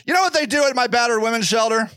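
A man's voice: very high voice, very fast, bright, forceful tone, dry recording. A man hosting a podcast, delivering a passionate, sarcastic and indignant monologue. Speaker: podcast host. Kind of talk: ranting monologue.

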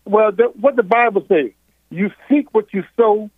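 Southern-accented male caller, high voice, tinny phone line, pushy and repetitive. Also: normal speed, no room sound. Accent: Southern American. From Virginia. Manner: insistent, repeats himself to hold the floor. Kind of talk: heated phone call.

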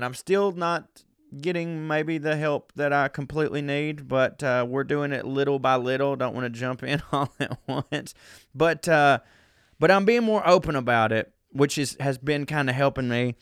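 A man's voice: mid-range voice, moderate pace, fairly bright tone, clear, resonant tone, no room sound, clean studio sound. A man from the South, hosting his podcast in a rambling, self-deprecating casual monologue and swearing freely. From American South. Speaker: podcast host.

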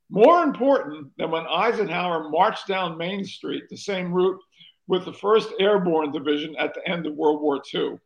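A man's voice: high voice, creaky, poor audio. An older man, a former talk show host from North Carolina, telling stories as an interview guest, wandering and restarting as he goes. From North Carolina, USA. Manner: rambling anecdotal storyteller, restarts often.

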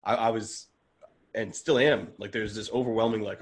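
A man's voice: lowish voice, steady tone, normal speed, slightly rough. A man talking as a podcast guest in casual conversation, earnest and open, often restarting his sentences and getting worked up as he goes.

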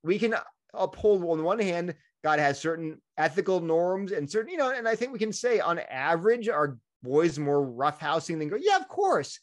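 A middle-aged man with a voice sitting somewhat above the usual male range talks through his answer in a lively, conversational way. He often slips into brief acted-out quotes of other people. The tone stays that of an engaged interview guest. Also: a little high, moderate pace. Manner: animated, acts out quoted voices. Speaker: guest speaker.

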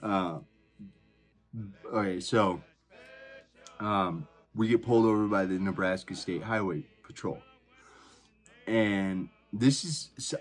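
A man hosting a podcast, telling a personal story in a rambling, profane way full of fillers and restarts. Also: lowish voice. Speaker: podcast host. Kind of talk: casual storytelling.

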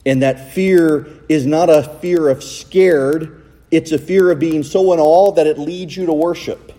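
A man preaching a sermon in a church, recorded on a cell phone, with animated delivery and rhetorical questions. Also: fairly high pitch, unhurried, in a large hall. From United States. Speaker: pastor. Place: church sanctuary.

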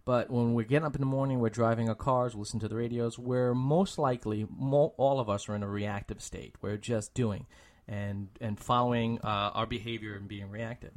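A man talking reflectively in a casual podcast chat, often pausing and repeating himself as he looks for the right words. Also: mid-range voice, fairly even intonation. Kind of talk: casual conversation.

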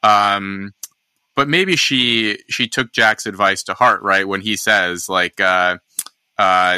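A man's voice: low voice, steady tone, unhurried, sharp tone, clean tone, no room sound. A man hosting a podcast, chatting casually and thinking aloud with lots of restarts. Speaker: podcast host. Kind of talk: casual discussion.

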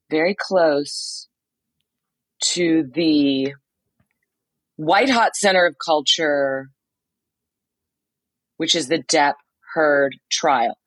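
A woman co-hosting a podcast from a motel room, telling a story in casual chat with quick asides. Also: deep voice, dry recording, low-quality recording. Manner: chatty storyteller, quick asides and acted-out quotes. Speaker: podcast co-host reporting from a trial.

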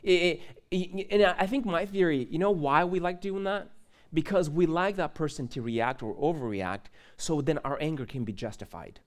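A man's voice: on the high side, moderate pace. A young man preaching in a church, telling a personal story in a casual, chatty way and asking the congregation questions. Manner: casual, animated storytelling with laughs and asides to the audience. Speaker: pastor. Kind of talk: conversational sermon with personal story.

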